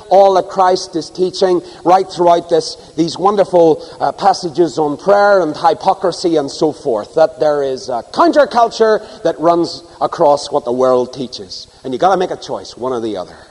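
A man preaching a sermon to a congregation, swinging from loud emphasis to hushed asides. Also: a little high, lively intonation, moderate pace, few pauses, big-room sound, poor audio. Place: church before a live congregation.

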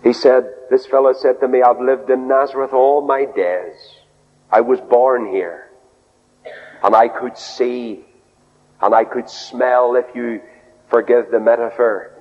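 A man preaching a sermon, telling stories earnestly and dropping low and soft for quoted words. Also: steady tone, slow. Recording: dull radio broadcast with long reverb.

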